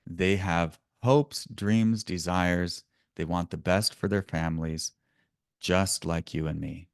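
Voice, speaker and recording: A man's voice: deep voice, fairly even intonation, takes it slowly, smooth, dry recording, clean studio sound. A man presenting a business webinar in a conversational way, often correcting himself and chuckling now and then.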